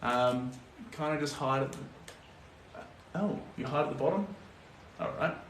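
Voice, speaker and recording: Painting live on stream, a young New Zealander with the matching accent talks casually, replies to viewer comments, and mutters to himself while working. He has a mid-range, fairly bright voice and a measured pace. A distant mic picks him up in an echoey, noisy room.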